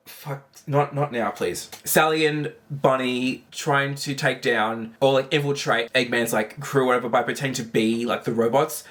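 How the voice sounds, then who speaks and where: A man giving casual commentary while ranking animated shorts, rambling with lots of fillers and casual swearing. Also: mid-range voice. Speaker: video creator ranking animations.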